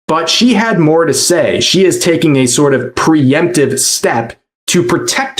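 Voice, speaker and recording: A man narrates online drama commentary, measured and explanatory, often repeating his key points. His voice is a little high, with lively intonation.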